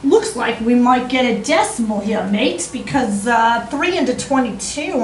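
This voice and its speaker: A woman's voice: on the high side, roomy sound, far from the mic, background noise, lightly acted. Woman putting on an Aussie teacher saying "mate". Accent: Australian, put on. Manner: jokey, calls students "mate". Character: Australian-accented woman math teacher. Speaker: math teacher. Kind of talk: math lesson in a put-on accent.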